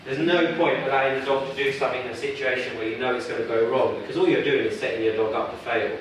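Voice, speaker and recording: This dog trainer speaks fast at a medium pitch with fairly even intonation, teaching a conversational workshop and asking the audience questions. The recording comes from far off in an echoey workshop room.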